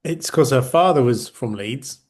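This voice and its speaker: A man's voice: medium pitch, lively intonation, normal speed, a little mellow. Yorkshireman chatting with many restarts. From Yorkshire, England. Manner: rambling, with frequent restarts and repeated words. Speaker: podcast co-host. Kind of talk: casual chat.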